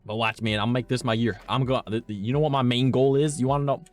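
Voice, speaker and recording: Over faint music, a man with a mid-range voice and fairly even intonation talks quickly to his stream viewers. It's a rambling, casual chat, loaded with swearing and constant "like."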